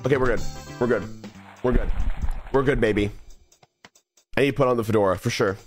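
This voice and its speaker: A man's voice: mid-range voice, fairly quick. Young man, live game stream, restless chatter, self-mocking, faint background music. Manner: restless, self-mocking, repeats phrases under his breath. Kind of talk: live gameplay commentary.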